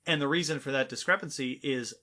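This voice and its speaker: A man's voice: medium pitch, fast talker, sharp tone. A man co-hosting a science podcast, playful and explaining things step by step. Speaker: podcast co-host.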